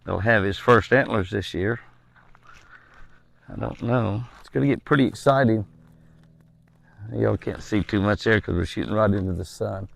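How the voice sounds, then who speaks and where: Gravelly man coaxing deer. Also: lowish voice, moderate pace, pauses often. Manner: coaxing, chatty, coos to the deer. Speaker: ranch owner filming his deer. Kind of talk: casual outdoor vlog narration. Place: outdoors on a ranch. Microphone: handheld camera.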